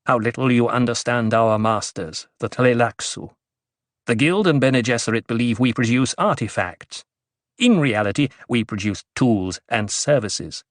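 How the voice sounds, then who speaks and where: A man's voice: moderate pace, no room sound, studio quality, lightly acted. A man doing a whining, spiteful dwarf. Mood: scheming. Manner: chortling, taunting, sudden high squeals. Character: spiteful scheming male dwarf, sly and gleeful. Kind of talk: audiobook character reading.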